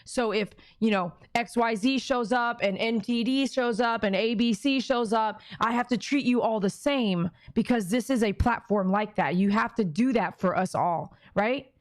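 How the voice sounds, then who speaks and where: A woman's voice: fairly high pitch, moderate pace, few pauses, no echo. A woman dog groomer chatting on her live stream, reading viewer comments aloud and talking emphatically, often checking that viewers agree.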